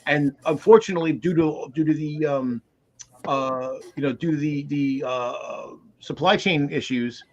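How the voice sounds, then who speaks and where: Emphatic man with raised pitch, dull audio. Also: unhurried. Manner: emphatic, frequent restarts. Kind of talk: casual chat.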